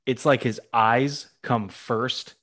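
A man in his thirties hosting a podcast, chatting in a relaxed, laid-back way. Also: medium pitch, slow. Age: 30s. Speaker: podcast host. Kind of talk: casual chat.

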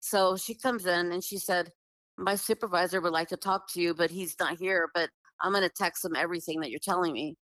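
Woman, lowish pitch, earnest, chatty storytelling, lots of fillers, dry close sound. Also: fairly quick, no echo, low-quality recording. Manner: earnest, animated, filler-heavy with many restarts. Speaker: guest telling her story. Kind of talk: casual storytelling.

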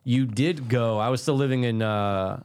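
A man co-hosting a podcast in casual chat, answering with quick agreeing replies. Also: mid-range voice, darkish tone, clear, resonant tone. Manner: supportive listener with quick backchannels. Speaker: podcast co-host.

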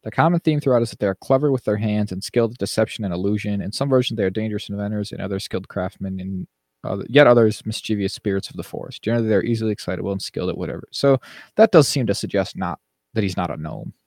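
A man's voice: lowish voice, rapid-fire, a little mellow, no echo, clean studio sound. A man co-hosting a podcast in casual chat, ranting animatedly and mimicking people he quotes. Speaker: podcast co-host.

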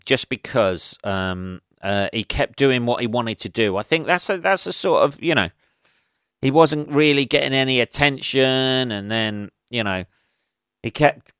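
A man's voice: medium pitch, fairly bright tone, clear, resonant tone, no echo. An English man, a comedian hosting his own podcast, rambling casually with lots of swearing and self-mocking asides into a close mic.

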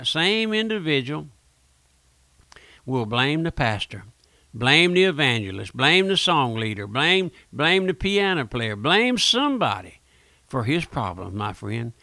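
Gravelly-voiced man preaching fervently. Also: mid-range voice, pushed and bright, dry recording. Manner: pleading, repeats "my friend", addresses listeners directly. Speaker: radio preacher. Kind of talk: fervent radio sermon. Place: radio studio.

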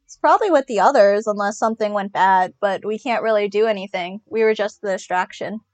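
A woman's voice: medium pitch, brisk. A woman playing a tabletop game, speaking bluntly and dismissively. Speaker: player. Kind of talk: casual tabletop play.

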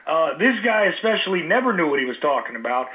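A man's voice: on the high side, very animated, quick pace. A man hosting a talk show, speaking casually with many fillers and restarts. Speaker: radio talk show host. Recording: tinny phone-line audio.

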